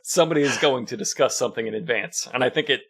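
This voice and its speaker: A male podcast co-host in loose, casual chat. He recaps with a wry, amused tone and laughs easily, in a voice of middling pitch. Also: rapid-fire, noisy background.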